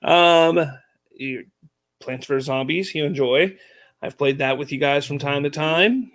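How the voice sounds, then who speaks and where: Man, 30s, fairly high pitch, casual family podcast chat, easygoing, jokey. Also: unhurried, fairly bright tone. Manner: easygoing, joking, chuckles often. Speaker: podcast host and father.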